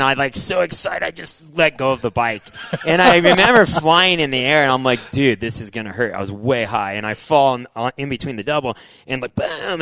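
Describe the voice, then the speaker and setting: A middle-aged man spins stories from his racing days with restless energy, tossing "dude" and "like" into almost every line. His voice sits at an ordinary pitch. The recording is dry and close, with no room sound around it. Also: dry recording, rough recording. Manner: excitable, says "dude" and "like" a lot, acts out his own past thoughts. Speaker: interview guest, former motocross racer. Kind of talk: animated storytelling in casual interview.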